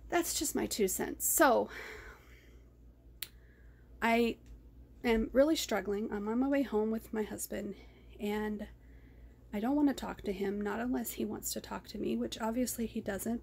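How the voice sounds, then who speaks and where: A woman's voice: on the high side, moderate pace, vocal fry, long pauses, darkish tone, husky. A woman talking in a raw personal vlog, rambling and ranting, often repeating herself. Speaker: vlogger. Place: car.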